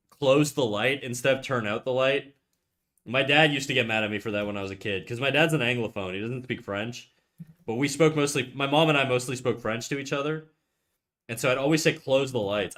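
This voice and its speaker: A man's voice: medium pitch, sharp tone. A young man from Canada chatting casually on a drawing stream, rambling and laid-back, and swearing freely. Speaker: art streamer. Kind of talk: casual chat while drawing.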